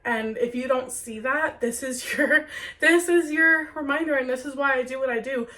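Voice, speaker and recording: A woman's voice: sits high, normal speed, pushed and bright, far from the mic. A young adult woman who is sick with a cold, talking earnestly and chattily to viewers in a spiritual Q&A vlog. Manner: earnest, heartfelt, chatty with many "like"s. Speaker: spiritual content creator.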